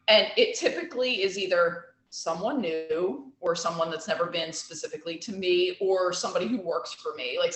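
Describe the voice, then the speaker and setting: A woman's voice: lowish voice, a bit bright. A woman who runs a salon, telling stories in a blunt, profane, casual chat. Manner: blunt and profane, storytelling with acted quotes. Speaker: salon owner and esthetician. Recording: roomy echo.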